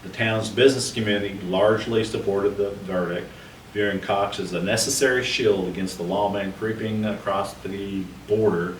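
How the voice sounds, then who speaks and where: Low, hesitant man in a roomy space. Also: fairly even intonation, normal speed. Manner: hesitant, many fillers and restarts. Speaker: podcast co-host, history researcher. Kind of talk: casual historical discussion. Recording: roomy, distant mic with faint noise.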